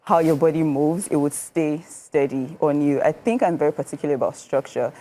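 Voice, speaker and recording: A woman designer in a TV interview, explaining her garments in a measured, detailed way. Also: sits low, dark tone, a little hiss or hum. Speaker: fashion designer guest.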